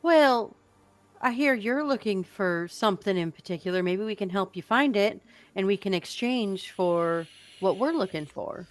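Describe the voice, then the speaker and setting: A woman voicing a polite young woman adventurer who speaks to a dragon with careful, hesitant flattery. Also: mid-range voice, moderate pace, lightly acted. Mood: bargaining. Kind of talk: tabletop role-play.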